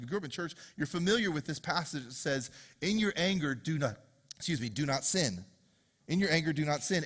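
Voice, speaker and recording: A male pastor preaching to his congregation in a church sanctuary, with a slightly higher-than-usual voice. He talks in a loose, joking, conversational way, with storytelling asides. A long reverb from the large hall hangs on every word. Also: a bit bright. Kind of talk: sermon.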